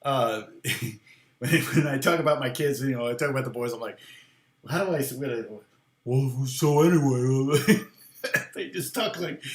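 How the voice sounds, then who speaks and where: An American man talks through a relaxed guitar lesson from his home studio. He rambles and stops often to answer viewers' comments. The room sounds echoey, with some guitar in the background. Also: medium pitch. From United States. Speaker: guitar teacher. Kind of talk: casual livestream guitar lesson.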